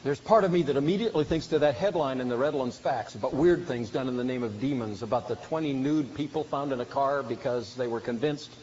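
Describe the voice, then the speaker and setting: A man's voice: mid-range voice, fairly quick, few pauses, a little mellow. A man preaching a sermon with earnest, emphatic delivery that swells at key points. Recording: dull recording with faint hiss.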